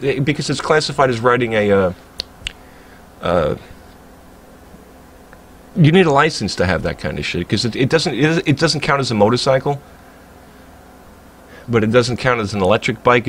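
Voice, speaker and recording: A livestreamer from Staten Island, New York, rants in heated, profane, rambling fashion during casual chat. His voice sits on the low side, with a slight hiss or hum.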